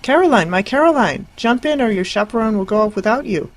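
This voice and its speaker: Flighty young widow as the narrator puts her on, gushing, excitable, higher and louder. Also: fast, lightly acted.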